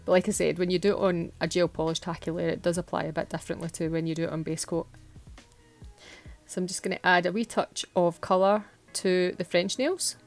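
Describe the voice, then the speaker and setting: A Scottish woman chatting through a nail art tutorial in a casual, giggly, self-deprecating way. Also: on the low side.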